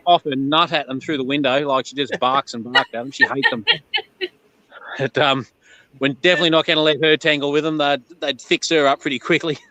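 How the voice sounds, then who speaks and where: A man's voice: fairly high pitch, bright, forceful tone, no room sound. A man with an Australian accent, chatting casually as a guest on a live chat. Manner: laid-back, laughs often, says "yeah, no".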